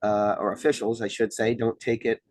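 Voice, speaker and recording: A middle-aged man from Iowa, a wrestling official talking through rules in a casual podcast chat, measured and full of fillers. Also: fairly low pitch, level tone, a little mellow, no room sound, faint music behind. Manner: measured, explanatory, many fillers.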